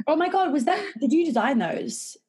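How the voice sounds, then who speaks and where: Fast-talking Australian woman. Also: high-pitched, lively intonation, darkish tone. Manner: fast, breezy, swears casually. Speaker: podcast co-host. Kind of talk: casual chat.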